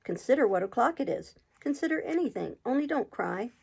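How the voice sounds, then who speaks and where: A woman voicing a fussy, flustered old queen in a storybook read-aloud, talking emphatically and now and then rising high. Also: expressive, fairly quick, creaky, darkish tone, breathy edge, full character voice.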